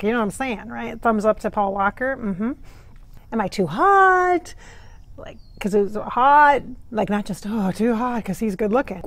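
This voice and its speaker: Middle-aged woman vlogger, higher voice, giggly and gushing, dry close-mic sound. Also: dry recording. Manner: giggly, breathy and gushing, many fillers. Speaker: psychic medium vlogger. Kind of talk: gushing casual talk to camera.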